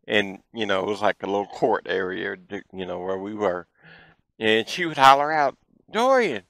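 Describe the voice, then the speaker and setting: A man in his fifties hosting a show, telling childhood stories in a folksy, animated way. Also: lowish voice, moderate pace, creaky, dry recording, low-quality recording. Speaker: show host. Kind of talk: storytelling childhood memories.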